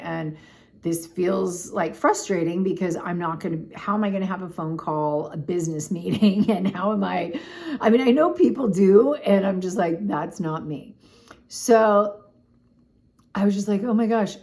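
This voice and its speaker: A woman's voice: on the low side, moderate pace, gravelly. Chatty middle-aged woman telling a story. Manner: chatty, animated, lots of "like" and "oh my gosh". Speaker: vlogger. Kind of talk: casual storytelling to camera.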